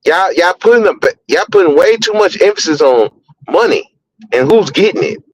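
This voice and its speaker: Blunt high-voiced man ranting on a podcast. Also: lively intonation, moderate pace, no room sound, low-quality recording. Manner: blunt, profane, repeats words when heated. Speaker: podcast host. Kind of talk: opinionated podcast commentary.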